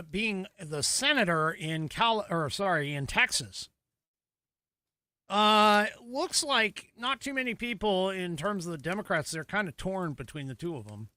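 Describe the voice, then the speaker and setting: An American man delivers solo political commentary in a combative, mocking tone and keeps building into emphatic, rising stretches. His voice sits high for a man and sounds bright and sharp. The sound is dry and close. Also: no echo. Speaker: podcast host.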